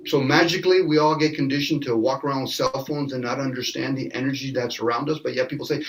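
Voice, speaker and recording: A man's voice: medium pitch, quick pace, few pauses, a little hiss or hum. A man in a casual speculative panel discussion, talking animatedly, acting out little quoted exchanges and laughing often. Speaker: panel guest. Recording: distant from the mic.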